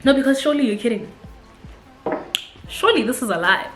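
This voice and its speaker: A woman from South Africa with a South African accent, telling a story in a casual, animated vlog and laughing often. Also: on the high side, brisk, roomy sound, over music. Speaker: vlogger.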